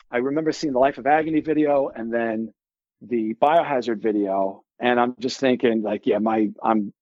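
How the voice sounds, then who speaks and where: Brief: forties male guest, rambling animated storyteller, slightly muffled dry recording. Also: mid-range voice, no room sound. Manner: animated, rambling, with many filler likes and restarts. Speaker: guest musician. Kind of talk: casual storytelling.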